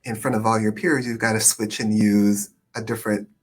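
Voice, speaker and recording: A man hosting a live-stream conversation on immigration, speaking hesitantly with many pauses and fillers over a video call. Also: fairly low pitch, little pitch movement. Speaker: immigration attorney, host.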